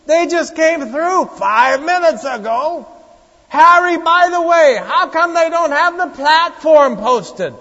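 A man voicing a loud, complaining woman tourist from New York with a New York accent, whiny and indignant, in an echoey hall on a dull lo-fi recording. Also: extremely high pitch, lively intonation, takes it slowly, voice pushed up, heavily acted.

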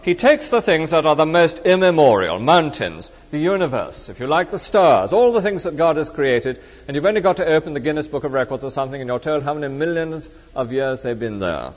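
A middle-aged man preaching, his voice leaping about in pitch as he moves between emphatic declarations and hushed asides. He sounds conversational rather than stiff. The recording is muffled and lo-fi, with a long reverb trailing each phrase. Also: very animated, fairly quick, few pauses. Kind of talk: sermon. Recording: dull reverberant hall recording.

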